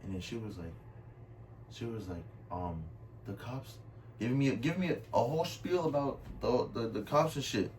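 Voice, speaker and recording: A man's voice: mid-range voice, animated, normal speed, darkish tone. A young man, casually telling a storytime, full of slang and "I was like.". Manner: slangy, says "bro" and "I was like" a lot. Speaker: storytime vlogger. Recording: somewhat distant mic with faint room noise.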